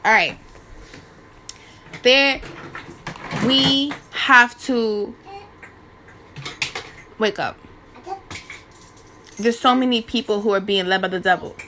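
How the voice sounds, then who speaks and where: A woman in her twenties giving a casual, slangy spiritual rant to her viewers, animated and preachy with many restarts. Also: a little high, takes it slowly, pauses often, noisy background. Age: 20s. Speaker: spiritual vlogger.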